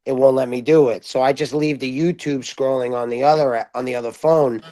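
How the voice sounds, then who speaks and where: Excitable rambling man, dry sound. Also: medium pitch, brisk, no echo. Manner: excited, rambling, many restarts. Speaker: stream participant. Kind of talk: casual group chat on a live stream.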